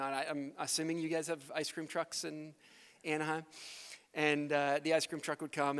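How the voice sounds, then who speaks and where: Earnest missionary preacher in a reverberant hall. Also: male voice, mid-range voice, a bit bright. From Canada. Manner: earnest, builds to emphatic peaks. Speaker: missionary speaker. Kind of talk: sermon with closing prayer. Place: church sanctuary.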